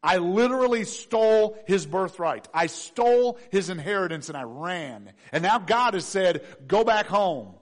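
A preacher playing an anxious younger brother who schemes his way out of trouble and now frets aloud about facing the past. The voice sits high for a man and comes out as nervous, pleading self-talk, told as part of a sermon. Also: lively intonation, unhurried, few pauses. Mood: worried. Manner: nervous, pleading, talking to himself. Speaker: pastor.

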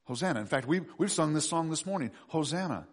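Animated man preaching, high and lively. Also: brisk. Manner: animated preaching, voice rising to near-shouts in pleas, dropping low for asides. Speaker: pastor. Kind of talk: sermon.

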